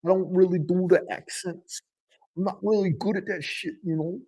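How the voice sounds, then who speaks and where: A man's voice: sits high, fairly even intonation, normal speed, dark tone, slightly rough, low-quality recording. A man putting on a Long Island accent for a laid-back guy who mumbles and shrugs his words off. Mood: shrugging. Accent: Long Island (put on). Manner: shrugging, mumbled, self-deprecating.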